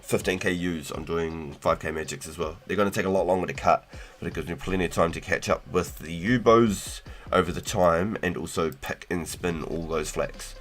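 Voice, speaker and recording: Deep-voiced laid-back male streamer. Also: moderate pace, few pauses. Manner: relaxed, slangy, swears and laughs often. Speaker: livestream host. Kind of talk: casual livestream chat.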